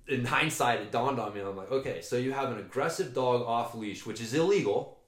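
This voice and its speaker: A man's voice: medium pitch, a little fast. A man in casual chat, telling a long rambling story with swearing and frequent restarts. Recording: roomy echo.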